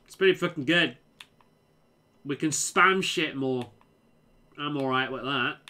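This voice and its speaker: Unhurried and sharp-toned, this mid-range voice belongs to a Liverpool-area streamer. The streamer plays a game while offering loose, rambling let's-play commentary, swearing without restraint.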